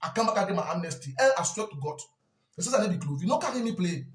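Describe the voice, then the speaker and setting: A man's voice: high-pitched, big pitch swings, very fast, roomy sound, soft background music. A man from Cameroon with a Cameroonian Pidgin English accent, giving an impassioned spoken confession. He talks intensely and emphatically, repeating lines for force. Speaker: speaker in a live video.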